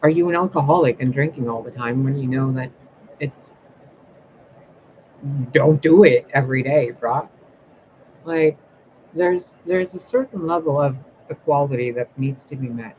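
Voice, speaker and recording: A spiritual reader speaking bluntly and profanely in a casual livestream rant, reading out viewer comments and answering them. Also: male voice, medium pitch, moderate pace, long pauses, muffled recording, slight background noise.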